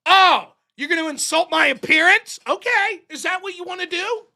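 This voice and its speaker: A man's voice: extremely high pitch, sing-song, moderate pace, creaky, sharp tone, pitched above the performer's own voice, full character voice. A man doing a mocking impression of an indignant male debater who acts offended. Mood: mock outrage.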